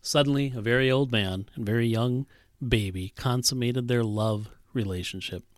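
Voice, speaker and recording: A man's voice: moderate pace, dry recording. Man reading a sermon story in a dry voice. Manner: reads a story aloud, voicing characters with big pitch jumps. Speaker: pastor. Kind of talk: sermon with read-aloud story.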